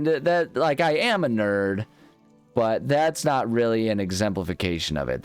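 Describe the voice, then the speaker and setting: Rambling, jokey man with a low voice. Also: clear, resonant tone. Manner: jokey, rambling, self-mocking. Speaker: gaming channel host. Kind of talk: let's play commentary.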